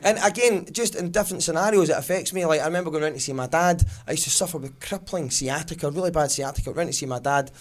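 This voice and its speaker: A Glaswegian man in his thirties performing a stand-up comedy set, telling stories and slipping into quick voices of his family. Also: fairly high pitch. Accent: Glaswegian Scottish. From Scotland. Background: audience laughter.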